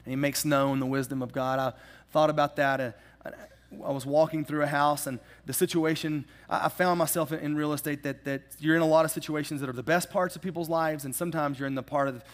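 A man preaching a sermon in a casual, animated storytelling way, with humorous asides. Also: a little high, a little fast. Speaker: pastor.

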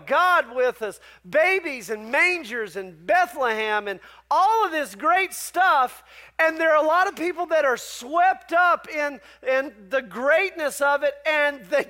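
Brief: man, pastor in the pulpit, very high voice, lively story-driven sermon. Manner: conversational, animated storytelling.

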